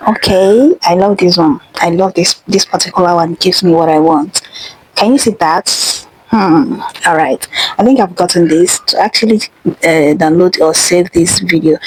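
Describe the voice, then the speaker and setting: A young woman walks viewers through a tutorial. Her voice is low and husky. She explains in a chatty, repetitive way, circling back to her points. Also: poor audio. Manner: chatty, instructive, repeats herself. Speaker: tutorial host. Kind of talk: screen-recorded tutorial.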